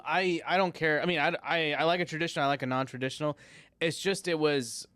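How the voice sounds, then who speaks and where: A man hosting a casual podcast, chatty and quick to restart his sentences. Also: a little high, fairly even intonation, pushed and bright, clean tone, dry recording. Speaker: podcast host.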